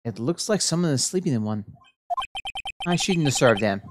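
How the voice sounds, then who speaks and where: Low-voiced woman reading game text. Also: animated, moderate pace, background noise. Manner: plain, low-key reading with small asides. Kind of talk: reading game dialogue aloud while playing. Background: game music.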